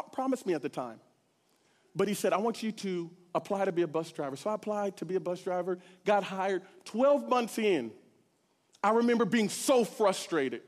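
A man from Texas sharing a personal faith testimony in sermon style, swinging between hushed lows and near-shouted peaks. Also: long reverb tail. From Corpus Christi, Texas. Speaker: church speaker giving testimony.

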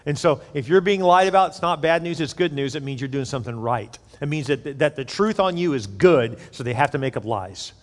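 A man's voice: fairly high pitch, expressive, brisk, hardly any pauses, big-room sound. A male pastor from the United States preaching a sermon in a conversational way, acting out the voices he quotes.

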